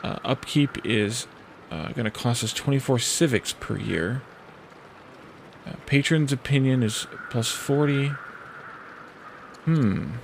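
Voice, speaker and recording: Slight background noise accompanies a creaky, mid-range male voice. He's streaming a strategy game in let's-play fashion, musing aloud hesitantly, stopping and restarting, and reading event text from the screen.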